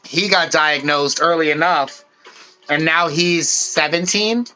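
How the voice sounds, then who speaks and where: A man with a bright, slightly high voice co-hosts a casual podcast. He explains his points in an earnest, rambling way, restarting sentences as he goes. Faint music plays underneath. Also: slow, clear, resonant tone, poor audio. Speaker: podcast co-host.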